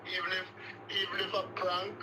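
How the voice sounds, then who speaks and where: A Jamaican man chats casually, circling back over his words and repeating himself. His voice is fairly high for a man and sounds set back from the mic. A clear layer of noise sits behind him. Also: monotone, a little fast. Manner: rambling, repeats himself while finding words. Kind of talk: casual chat. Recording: distant, noisy line.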